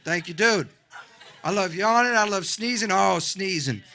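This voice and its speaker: A young man doing a stand-up comedy set in a club, animated and acting out other people in loud voices. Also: high-pitched, a little slow, gravelly. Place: comedy club with a live audience.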